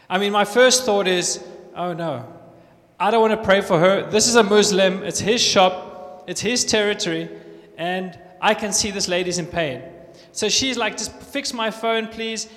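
A man telling lively testimony stories in a church, acting out the dialogue. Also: sits high. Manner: animated storyteller acting out dialogue. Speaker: guest speaker sharing testimonies. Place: church hall. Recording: reverberant church hall.

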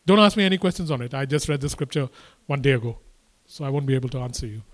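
A man's voice: mid-range voice, animated, racing. A man preaching a sermon, repeating his points and building to impassioned, emphatic exhortation.

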